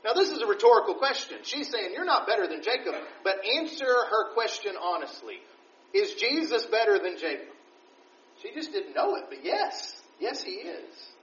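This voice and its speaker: High, bright male bible teacher in an echoey room. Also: sing-song, moderate pace. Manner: reads scripture aloud, then explains it conversationally. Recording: dull, roomy recording from a distance.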